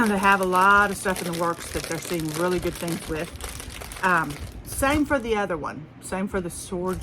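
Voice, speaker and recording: A woman's voice: fairly low pitch, noisy background. A middle-aged woman with a Southern US accent, chatting casually and rambling through a haul video for her viewers. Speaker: haul vlogger.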